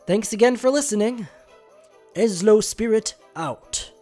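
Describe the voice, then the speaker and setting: A woman's voice: mid-range voice, a little slow, mellow. Woman reading a podcast outro over music. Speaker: podcast host.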